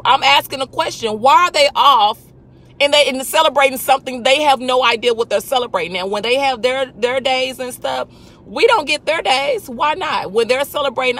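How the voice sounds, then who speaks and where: In a casual faith talk, a woman host with a high-pitched, fairly bright voice speaks with emphasis. She leans on rhetorical questions and answers back to people she imagines.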